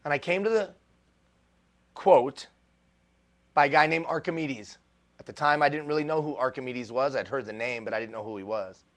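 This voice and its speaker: A male motivational speaker giving a live keynote talk, animated and self-deprecating, repeating phrases for emphasis. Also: medium pitch, moderate pace, pauses often. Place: stage before a live audience.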